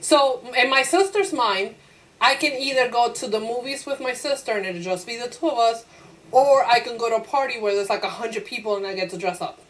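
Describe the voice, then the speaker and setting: Animated woman teacher lecturing a class. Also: fairly high pitch, brisk, poor audio. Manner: lively, acts out her own inner voice in quotes; laughs easily, asks the class rhetorical questions.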